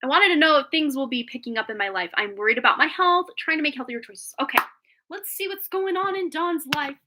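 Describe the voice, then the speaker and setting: A woman talks through a live tarot stream in a loose, rambling way, laughing often between thoughts. Her voice is bright and sits a little high, with a slight phlegmy catch left over from being sick. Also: brisk. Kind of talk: casual live-stream chat.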